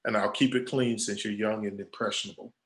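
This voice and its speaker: This guest creative director talks fairly quickly in a lowish voice, relaxed as he tells stories and animatedly performs others' words. It's a casual storytelling Q&A captured in a room with echo.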